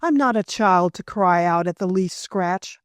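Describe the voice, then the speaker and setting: A feverish young man speaks wearily but fondly, read by a woman narrator. His lines are gentle and reassuring, with a dry, close audiobook sound. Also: fairly low pitch, lively intonation, unhurried, dry recording. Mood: tired, reassuring.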